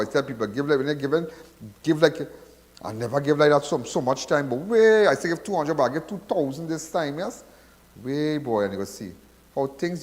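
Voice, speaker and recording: Trinidadian male radio host, rambling, reverberant. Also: mid-range voice. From Trinidad and Tobago. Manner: rambling, repetitive, preachy. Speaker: radio call-in show host. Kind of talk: casual call-in talk.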